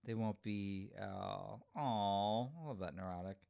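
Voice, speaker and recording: A man hosting a casual livestream, answering chat comments in an animated, giggly way. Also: fairly low pitch, slow pace, creaky. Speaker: livestream host reading chat.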